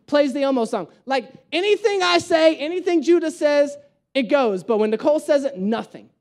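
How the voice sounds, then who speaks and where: High-voiced young man preaching with humor. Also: normal speed. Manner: animated, joking storyteller. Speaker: pastor. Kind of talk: conversational sermon.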